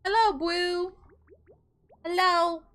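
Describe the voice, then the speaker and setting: A woman's voice: very high-pitched, fairly even intonation, very slow, fairly bright tone, soft background music. A woman streaming a game, chatting casually, muttering to herself and breaking into playful outbursts.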